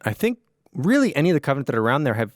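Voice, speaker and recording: A man's voice: medium pitch, sing-song, very fast, no echo, clean studio sound. A young man co-hosting a podcast, casually retelling a story and quoting characters as he goes. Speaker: podcast co-host. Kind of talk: casual chat.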